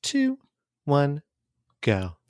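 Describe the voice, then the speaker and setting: Jokey man with a lively voice. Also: fairly high pitch, extremely slow, smooth. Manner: jokey, laughing often. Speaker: podcast co-host. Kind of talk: casual chat.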